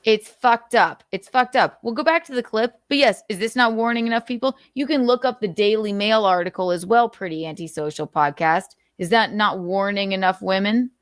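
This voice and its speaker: In a dry, studio-quality recording, a woman with a fairly high voice speaks a little fast and hardly pauses. She's hosting a livestream and ranting angrily, swearing nonstop and asking the same rhetorical questions again and again. Now and then her emotion chokes her up.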